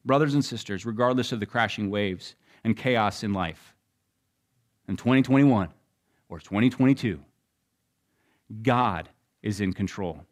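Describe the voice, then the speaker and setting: A young adult man preaching a sermon, telling the story with shifts between loud and hushed delivery. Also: lowish voice, measured pace, pauses often. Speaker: pastor.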